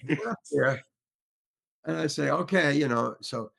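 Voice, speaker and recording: A man's voice: on the high side, normal speed, vocal fry, a bit bright. An older man, an actor, telling rambling stories in a casual interview and acting out the other people's lines. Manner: rambling, many restarts. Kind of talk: casual storytelling.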